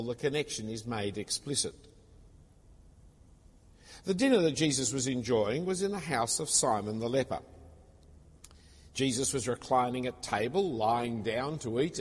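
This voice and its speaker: A man's voice: mid-range voice, breathy edge. A man preaching a sermon, explaining scripture in an expository way with casual personal asides. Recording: long reverb of a large hall.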